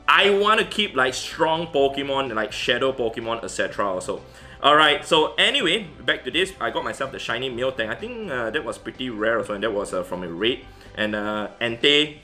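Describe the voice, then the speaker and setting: Casual male vlogger, bright tone, loose rambling delivery over a faint music bed. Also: medium pitch. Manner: rambling, many fillers and restarts. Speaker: Pokemon GO vlogger. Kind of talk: casual commentary over gameplay.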